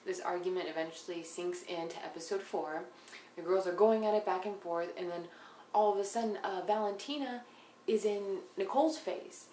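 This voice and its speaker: A young woman recapping a reality show in a blunt, casual way, swearing often and sometimes dropping into hushed asides. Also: mid-range voice, normal speed. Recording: echoey room, faint background noise.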